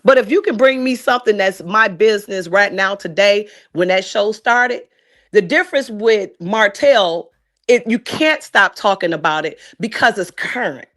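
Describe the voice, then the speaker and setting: A woman giving her opinions on a live stream discussion, making emphatic, repetitive points at a deliberate pace. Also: medium pitch, expressive, fairly bright tone. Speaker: guest commentator.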